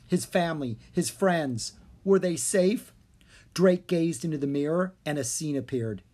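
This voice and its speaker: A narrator reading a children's fantasy book aloud, clear and expressive. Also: medium pitch, a little slow. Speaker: audiobook narrator. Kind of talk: scripted storybook narration.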